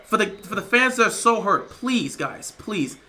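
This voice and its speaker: High-pitched and sing-song, yet unhurried, this man's pushed, bright voice carries his livestream as he reacts emotionally to a football match. He rambles, says things over and over, and reads viewer donations aloud.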